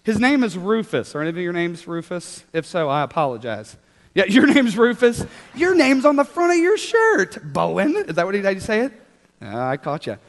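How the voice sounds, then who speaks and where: A young man leading a children's church talk, upbeat and animated, coaxing the kids to join in. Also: sits high, normal speed. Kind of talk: children's sermon. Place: large church hall with children. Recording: hall reverb.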